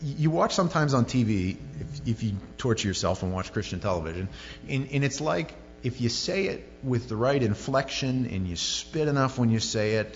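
A man's voice: mid-range voice, sing-song, brisk, a little hiss or hum. A male pastor preaching a sermon in a conversational, joking way with many asides. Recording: lo-fi sermon recording in a reverberant hall with faint music.

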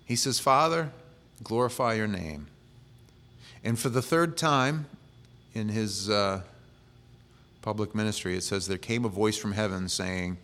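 Guy preaching a sermon, kinda low voice, chatty and joking here and there. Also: creaky, fairly bright tone. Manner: conversational, with humorous asides. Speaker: pastor.

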